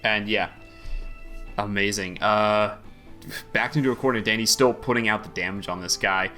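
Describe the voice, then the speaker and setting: A man running a tabletop game as game master, calmly explaining rules and rolls. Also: lowish voice, moderate pace, soft background music.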